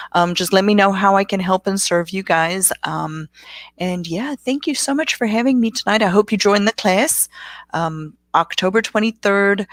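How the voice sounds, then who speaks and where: A woman's voice: fairly low pitch, no room sound. South african woman guest, not a native english speaker, casual and ummy, dry close mic. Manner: relaxed, with frequent fillers and restarts. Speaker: guest occupational therapist. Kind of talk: casual interview chat.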